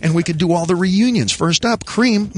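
A man hosting a talk radio show, wisecracking and animated with rhetorical questions. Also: sits high, normal speed.

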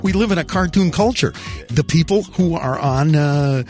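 Male talk radio host, wisecracking and animated, higher voice, music bed under him. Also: moderate pace. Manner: wisecracking, animated, rhetorical questions.

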